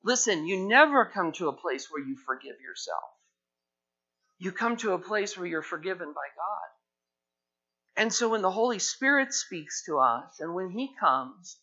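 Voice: medium pitch, pushed and bright. Fervent pastor preaching. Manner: fervent, rising to emphatic exhortation. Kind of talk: sermon. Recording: dull lo-fi sermon recording.

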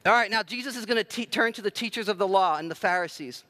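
A man's voice: high-pitched, quick pace, sharp tone. A man preaching a sermon in a conversational, self-deprecating way with plenty of filler words. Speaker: pastor.

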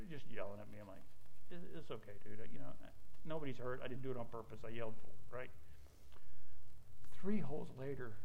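Man preaching a lively conversational sermon. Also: a little hiss or hum, low-quality recording. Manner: conversational preaching with humorous personal stories, pitch rising and falling widely. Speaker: pastor.

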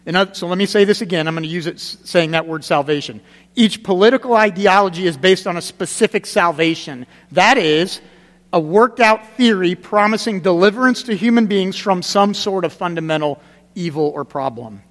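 A man with a fairly high voice preaches a sermon in a church sanctuary, his words trailing off into a long hall reverb. He talks like a pastor chatting with his flock, hammering short phrases through repetition, then sinking low and quiet for the heavy parts. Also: a little fast. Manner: conversational preaching, emphatic repetitions, drops to quiet gravity.

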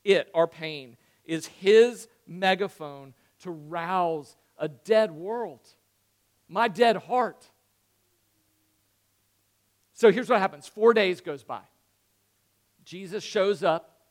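A man preaching a sermon, acting out Bible dialogue with animated swings and dropping to hushed tones for emphasis. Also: high voice, slow pace. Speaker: pastor.

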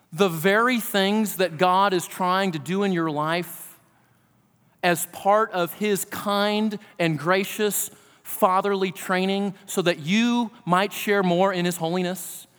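A man's voice: sits high, a bit bright, smooth. A middle-aged pastor preaching a sermon, earnest and asking his listeners direct questions. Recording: long reverb of a large hall.

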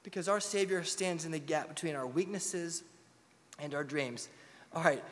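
A man preaching a sermon as pastor, firing rhetorical questions and swinging from loud urgency to hushed tones. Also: fairly high pitch, normal speed. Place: church sanctuary. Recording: long reverb in a large hall.

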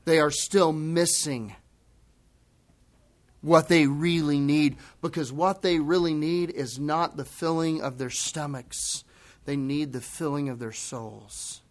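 A man with a somewhat high voice preaches a sermon as pastor. He is expressive, dropping to hushed near-whispers and building to emphatic outbursts. Now and then he slips into a conversational aside, acting out voices. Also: slow. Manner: acts out quoted speech in conversational asides.

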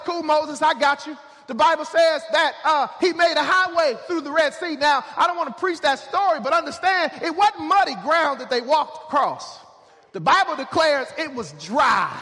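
A man preaching a sermon, building to shouted emphasis with repeated refrains. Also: very high-pitched. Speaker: pastor. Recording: long hall reverb.

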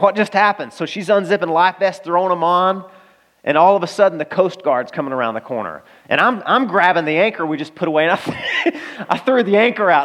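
A man from Arkansas delivers a sermon in a chatty, animated storytelling style. His voice sits a little high. He often turns and speaks straight to his listeners. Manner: animated storytelling, conversational, addresses listeners directly. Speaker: pastor.

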